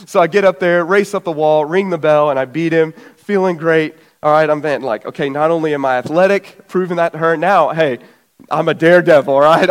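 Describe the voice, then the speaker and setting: Animated young man telling a story from the pulpit. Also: a little high. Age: 20s. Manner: animated storyteller, acts out the voices of family. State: out of breath. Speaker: preacher. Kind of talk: sermon with personal story.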